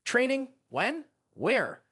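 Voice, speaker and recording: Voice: medium pitch, very animated, a little fast, a bit bright, husky, no room sound, clean studio sound, full character voice. Curious young male student, read by a narrator. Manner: awed and questioning.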